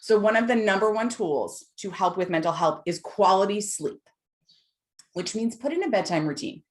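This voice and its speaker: A woman's voice: mid-range voice, lively intonation, normal speed. Earnest woman in her forties on a video call. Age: 40s. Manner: earnest, heartfelt, emphatic. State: tearful at times. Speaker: guest speaker on mental health. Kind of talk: live online talk.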